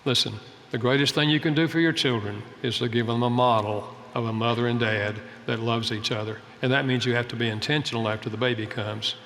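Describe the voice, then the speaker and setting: Older guy preaching in a big echoey hall, bright forceful voice, folksy and earnest, bit of faint noise behind. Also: mid-range voice, steady tone, a little fast. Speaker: speaker on family and marriage. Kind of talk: sermon-style talk.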